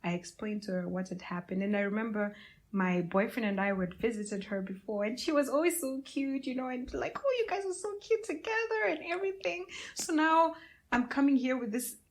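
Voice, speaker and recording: A woman's voice: mid-range voice, fairly even intonation, moderate pace. A young woman podcast host telling a candid, emotional personal story to her listeners, with many fillers.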